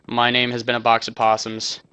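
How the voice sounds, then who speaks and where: A man's voice: medium pitch, monotone, a little fast, sharp tone. A young American man giving casual gameplay commentary, rambling with self-mocking jokey asides. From United States. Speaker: gaming commentator.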